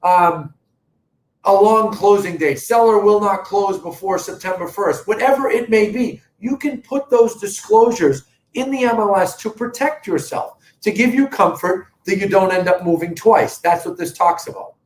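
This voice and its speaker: A man hosting a live real estate update, talking emphatically and directly to viewers. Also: moderate pace. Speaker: real estate broker host. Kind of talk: live-streamed market update. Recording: echoey room with faint rumble.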